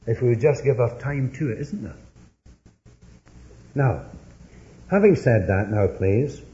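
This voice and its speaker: A man with a warm, medium-pitched voice preaches a sermon, telling stories earnestly and driving his points home with rising emphasis. It's a dull, lo-fi sermon recording.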